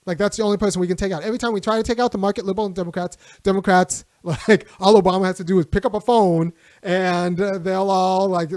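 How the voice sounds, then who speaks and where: High voiced guy hosting a stream, dry close mic, rambles n laughs. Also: darkish tone, dry recording. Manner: loose, rambling, restarts and laughs. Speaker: host. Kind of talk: livestream political commentary.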